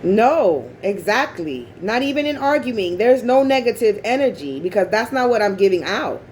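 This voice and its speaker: A woman's voice: mid-range voice, big pitch swings, normal speed, a little mellow, slight background noise, rough recording. A woman vlogger in a rambling casual monologue, talking bluntly and profanely.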